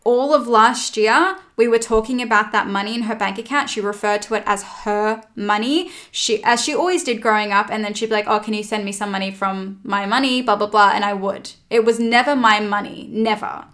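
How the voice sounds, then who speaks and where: A woman chatting casually as a host, telling her story in a candid, emphatic way and swearing freely. Her pitch sits in an ordinary middle range for a woman. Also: fairly even intonation, fairly quick, few pauses, fairly bright tone. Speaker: podcast host. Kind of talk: casual chat.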